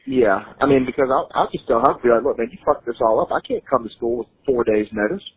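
A man's voice: medium pitch, expressive, quick pace, breathy edge. A young man on a recorded phone call, defensive and frustrated, swearing now and then. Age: young adult. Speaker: law student son on a phone call. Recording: tinny phone line.

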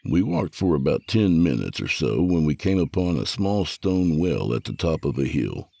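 A man narrating a first-person story with a gravelly, husky voice. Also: extremely low pitch, very animated, normal speed, warm tone, no echo.

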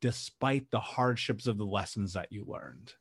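A man's voice: lowish voice, moderate pace, slightly rough, dry recording. A man hosting a podcast, reading an ad directly and asking interview questions. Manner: direct and promotional, repeats the web address. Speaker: podcast host. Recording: music bed under the voice.

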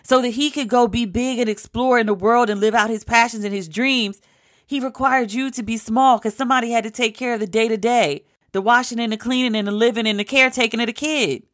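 A woman's voice: a little high, steady tone, fairly quick, a bit bright. A woman recapping a TV show in casual, emphatic talk, with some swearing. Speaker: TV show reviewer.

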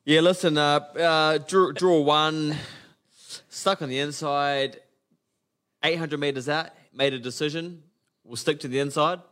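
Kiwi guy, bit higher voice, loud jokey sweary banter. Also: steady tone, a little slow, clear, resonant tone. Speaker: podcast co-host. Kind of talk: casual chat.

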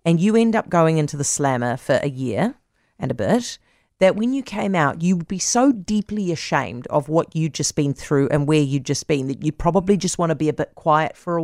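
A woman's voice: sits low, expressive, moderate pace, darkish tone, no room sound, studio quality. Blunt sarcastic New radio woman. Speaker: drive radio host. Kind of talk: casual radio chat.

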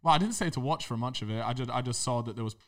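Young man, podcast co-host, mid-range voice, animated slangy storyteller. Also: medium pitch, racing. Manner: animated storyteller, slangy, lots of repeated fillers. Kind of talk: casual storytelling chat.

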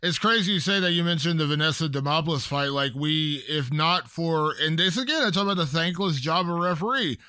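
Bright, higher-voiced host man. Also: brisk, hardly any pauses, clear, resonant tone, no room sound, clean studio sound. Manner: emphatic, repeats points for stress. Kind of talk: casual podcast chat.

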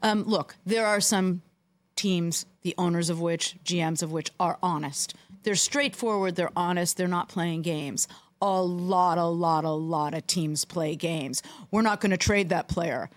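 A woman co-hosting a football podcast, telling jokes and stories in an animated way. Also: lowish voice, no echo. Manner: storytelling, animated. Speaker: podcast co-host. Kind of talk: casual sports chat.

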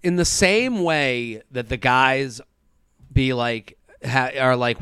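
A man's voice: medium pitch, slow pace, clean tone, dry recording, studio quality. A man co-hosting a podcast, chatting casually and acting out quotes in playful voices. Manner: animated, acts out quotes in funny voices. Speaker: podcast co-host. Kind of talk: casual recap chat.

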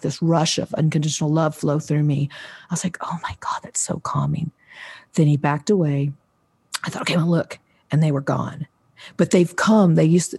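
A woman in her sixties, a podcast guest, telling a personal story in a lively way and acting out the voices of the people in it. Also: low-pitched, breathy edge. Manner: animated, acts out quoted voices, restarts often. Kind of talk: casual storytelling interview.

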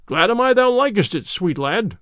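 A merry cook fond of his drink, as a male reader voices him in a storybook tale. He speaks in fond, old-fashioned phrases with a high, lively voice. It is heard close and dry. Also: normal speed, no echo. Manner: archaic phrasing, affectionate. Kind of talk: storybook character voice.

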